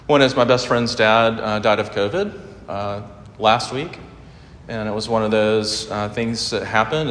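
Earnest preacher in an echoey hall. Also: male voice, slight background noise. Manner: earnest, with surges of pitch and loudness for emphasis. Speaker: pastor. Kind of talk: sermon. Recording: echoey hall with long reverb.

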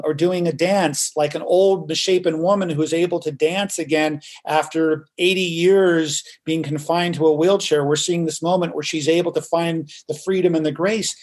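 Male coach, theatrical and emphatic, somewhat high-pitched, podcast guest. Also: a little mellow. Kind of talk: podcast interview.

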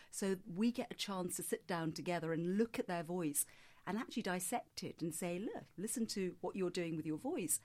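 Woman voice coach explaining in measured tones. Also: on the low side, a little mellow. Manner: measured, explanatory, demonstrates her own voice. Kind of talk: interview answers.

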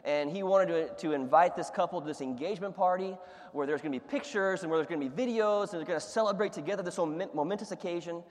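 Animated preacher with a higher voice. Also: male voice, fast, in a large hall. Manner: animated storyteller, laughs at his own stories. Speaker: pastor. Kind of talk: sermon with humorous stories.

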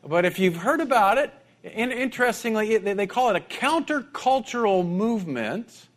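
High-voiced conversational male preacher. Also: lively intonation, normal speed. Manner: conversational, repeats words when restarting. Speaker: pastor. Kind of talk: sermon.

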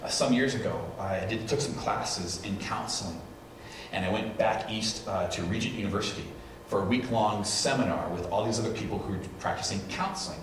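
A man preaching a sermon, animated as he acts out what people said. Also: on the low side, fairly quick. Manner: animated storytelling, acts out quotes. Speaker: pastor. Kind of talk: sermon with live demonstration. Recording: echoey hall, distant mic, noisy.

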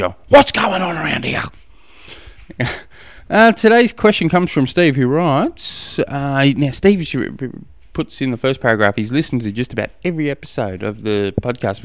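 A man's voice: mid-range voice, no room sound. Rambling, friendly male podcast host. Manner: rambling, self-deprecating, chatty with many fillers. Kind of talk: casual solo podcast answering listener questions. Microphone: studio podcast microphone.

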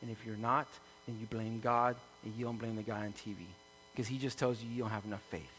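A man preaching a sermon to a congregation, building from calm teaching to loud, impassioned peaks. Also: fairly low pitch, fairly quick, slight background noise. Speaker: pastor. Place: room with an audience.

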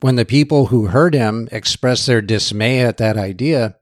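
A man's voice: mid-range voice, moderate pace, no room sound, studio quality. A man giving a storytelling history lecture. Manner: relaxed storyteller.

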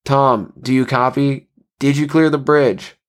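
A man voicing a brisk male radio operator who speaks in crisp radio procedure. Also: medium pitch, fairly even intonation, pitched above the performer's own voice, close to an everyday voice. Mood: urgent.

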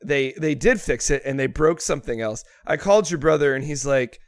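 A man co-hosting a podcast, telling a story in a casual, animated way with plenty of swearing. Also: on the high side, brisk, no room sound, clean studio sound. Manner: animated, profane storyteller with swinging loudness. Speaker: podcast co-host.

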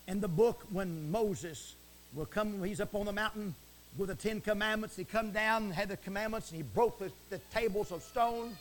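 A man preaching a fiery broadcast sermon from the pulpit, swinging from shouts to hushed asides and repeating stock phrases. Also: high voice, slight background noise. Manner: repeats stock phrases like praise the Lord and it is written.

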